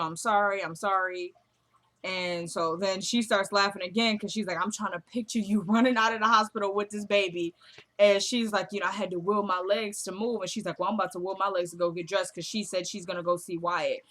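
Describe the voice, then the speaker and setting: A woman's voice: medium pitch, fairly quick. Chatty woman recapping a TV episode. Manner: retells scenes as quoted dialogue, chatty and animated. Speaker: show recap vlogger.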